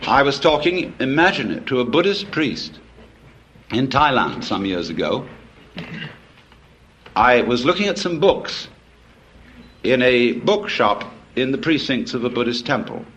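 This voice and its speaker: Man lecturing with lively pitch. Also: a little slow, long pauses, dull audio. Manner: wry, discursive storytelling with asides. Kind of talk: public lecture.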